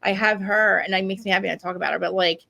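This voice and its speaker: A woman talks at a fast clip in a relaxed, chatty way, with a gravelly fry in her voice. She rambles through animated stories, piling up fillers as she goes. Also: mid-range voice, low-quality recording. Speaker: podcast co-host. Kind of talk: casual chat.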